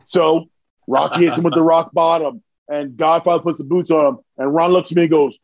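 An animated man with a high voice telling stories, his words tumbling out with excitement. The recording sounds dull and lo-fi. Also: moderate pace. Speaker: podcast guest. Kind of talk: casual storytelling.

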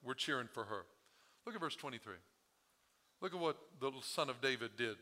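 A man's voice: mid-range voice, lively intonation, normal speed, bright, forceful tone. A male pastor preaching a sermon, his voice strained from overuse, talking with the congregation and asking them questions. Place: church sanctuary.

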